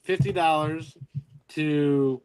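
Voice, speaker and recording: A man's voice: on the high side, steady tone, slow, darkish tone, clean tone, low-quality recording. A man chatting casually on a podcast, teasing and joking. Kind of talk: casual chat.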